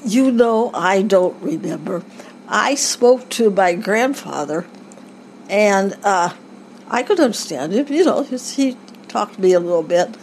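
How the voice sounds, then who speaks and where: Older woman interviewee, halting rambling reminiscence, faint background hiss. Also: mid-range voice, animated, darkish tone, poor audio. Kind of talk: family oral history recollection.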